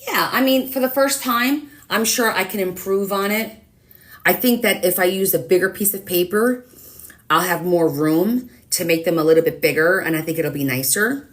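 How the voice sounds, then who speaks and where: While painting on a live watercolor stream, a woman chats casually and teases herself as she thinks aloud. Her voice is on the low side, at a moderate pace.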